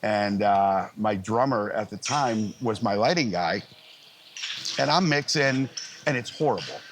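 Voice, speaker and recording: A middle-aged man, a live sound engineer, telling lively, easygoing stories in a casual interview and acting out other people's lines. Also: lowish voice, unhurried, background noise. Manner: animated anecdotes, acting out others' lines in a raised voice; frequent fillers and restarts, easygoing.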